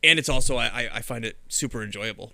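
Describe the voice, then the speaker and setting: A man co-hosting a podcast, chatting casually about a movie with quick quips, chuckles and enthusiasm. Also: medium pitch, vocal fry, sharp tone, dry recording. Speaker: podcast co-host.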